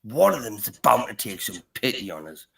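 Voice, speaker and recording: A man's voice: lowish voice, sing-song, moderate pace, gravelly. A middle-aged man from Newcastle with a Geordie accent, bantering on a call and rambling with "right, okay?" and "mate" after every phrase. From Britain, Newcastle. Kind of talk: joking banter. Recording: echoey room with faint ambient noise.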